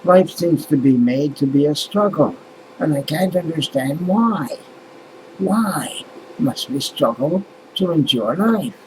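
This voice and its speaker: A man's voice: fairly high pitch, animated, slow, darkish tone, slight background noise, low-quality recording. A man musing aloud in a casual vlog monologue, rambling and swearing as he grumbles about things that irritate him. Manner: rambling, profane, exasperated musing. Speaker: vlogger.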